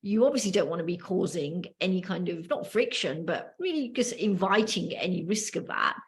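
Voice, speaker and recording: A woman's voice: on the low side, expressive, moderate pace. A woman with a British accent from the UK, co-hosting a casual podcast and telling a workplace story with many ums and restarts. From United Kingdom. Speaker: podcast co-host.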